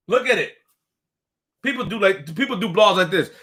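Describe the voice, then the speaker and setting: A young man talking casually to his stream audience, full of street slang and repetition, swinging from quiet, low remarks to loud outbursts. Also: expressive, normal speed, pauses often. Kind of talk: casual live-stream rant.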